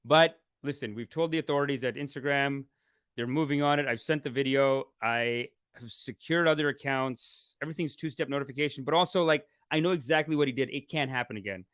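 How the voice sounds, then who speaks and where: A man, a spiritual teacher, chatting casually to his viewers in a live stream, animated and full of exclamations. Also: mid-range voice, fairly quick, smooth, dry recording, studio quality. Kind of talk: casual livestream chat.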